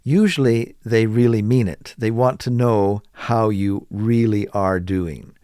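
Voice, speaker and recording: Male teacher, lowish voice, very slow, stretched-out intonation on model phrases. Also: dark tone, clean tone, no room sound, clean studio sound. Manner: repeats model phrases slowly with exaggerated rising and falling intonation. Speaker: English teacher. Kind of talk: slow, deliberate spoken English lesson.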